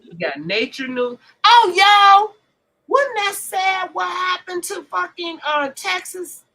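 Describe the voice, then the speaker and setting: A woman hosting a podcast, chatting loudly with lots of laughter and profanity. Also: very high-pitched, big pitch swings, takes it slowly, low-quality recording. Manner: loud, laughing, profane banter. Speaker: podcast host. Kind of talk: casual chat.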